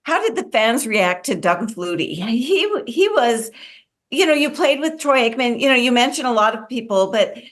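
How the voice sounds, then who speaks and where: A woman's voice: fairly high pitch, animated, normal speed, a bit bright. A woman co-hosting a casual interview, asking long, winding questions. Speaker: co-host.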